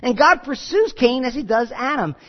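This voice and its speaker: Preacher, male, high lively delivery, dull lo-fi recording with a long hall echo. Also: moderate pace. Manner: animated preaching, acts out quoted voices. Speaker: pastor. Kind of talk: sermon.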